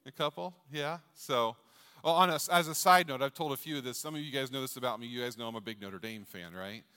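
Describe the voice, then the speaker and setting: A middle-aged male pastor delivers his sermon in a loose, joking way, asking the crowd questions as he goes. His voice is bright and forceful. It carries through a large church hall with a long reverb tail. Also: medium pitch, quick pace, clear, resonant tone. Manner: jokey, chatty, asks the crowd questions. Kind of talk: sermon with jokes.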